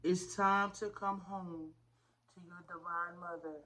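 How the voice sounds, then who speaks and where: A woman's voice: lowish voice, steady tone, measured pace, sharp tone. A woman giving a spiritual tarot reading in a fervent, preacher-like way, calling her listeners y'all. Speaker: tarot reader.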